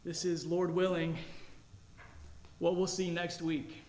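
A man pastor preaching a sermon, earnest, rising to emphatic declarations and dropping low and slow. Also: level tone, a little mellow.

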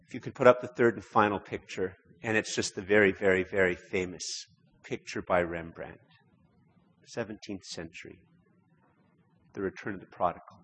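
A man preaches a sermon in a church, his slightly low voice a touch husky. He talks conversationally, repeating words, then builds into emphatic stretches. The sound carries a long hall reverb. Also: fairly even intonation, moderate pace, fairly bright tone.

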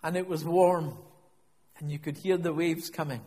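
A man's voice: on the high side, fairly even intonation, normal speed, darkish tone, big-room sound. A middle-aged man preaching a sermon, telling a personal story in a reflective way and often repeating and restarting his words.

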